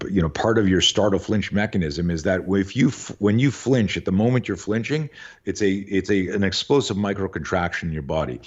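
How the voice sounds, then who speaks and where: Middle-aged man, very low voice, casual storytelling, acts out the people in it, dull lo-fi audio. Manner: animated, acts out voices in anecdotes, swears casually. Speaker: podcast guest.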